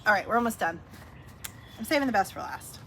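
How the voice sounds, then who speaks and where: A woman's voice: medium pitch, lively intonation, a little fast, sharp tone. Middle-aged woman, chatty storyteller, casual home vlog, faint background hiss. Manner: chatty storytelling with fillers and acted-out quotes. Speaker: vlogger sharing weight loss tips. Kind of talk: casual heartfelt chat.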